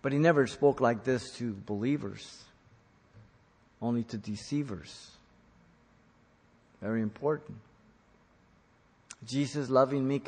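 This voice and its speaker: A man preaching a teaching sermon on scripture, stressing key words loudly and then dropping to quiet asides. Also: mid-range voice. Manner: emphatic, swings from loud stresses to quiet asides. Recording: long reverb of a large hall.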